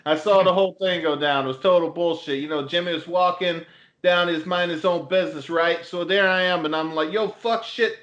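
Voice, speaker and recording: A man's voice: high-pitched, fairly even intonation, brisk, fairly bright tone, muffled recording. A man voicing a foul-mouthed Boston barfly with a Boston accent, rambling and boastful. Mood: indignant. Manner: rambling, swearing, boastful storytelling.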